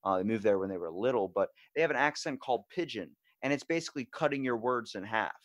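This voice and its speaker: A man from Maryland hosts a loose podcast conversation. He tells stories with animated energy and swears freely, in a mid-range voice. The sound is dry and close, with no room echo. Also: medium pitch, fast talker. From Maryland, USA. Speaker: podcast host. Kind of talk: casual podcast chat.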